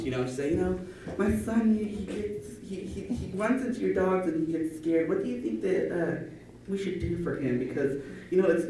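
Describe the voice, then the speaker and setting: A man's voice: on the high side, warm tone, heavy reverb, a little hiss or hum. A young man doing a hesitant, rambling stand-up routine in a small room with an audience, full of fillers and restarts, recorded by a far camera. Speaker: stand-up comedian.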